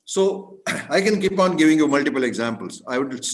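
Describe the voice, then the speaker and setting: A man giving a storytelling speech as a guest speaker, earnest, often clearing his throat and restarting his sentences. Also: fairly high pitch, sing-song, moderate pace, rough recording. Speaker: guest speaker at a club meeting.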